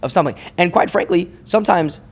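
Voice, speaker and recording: Male co-host with a slightly high voice; fervent, urges the audience on. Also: animated, a little fast, slightly rough. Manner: fervent, exhorting, repeats words for emphasis. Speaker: podcast co-host. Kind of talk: faith podcast discussion.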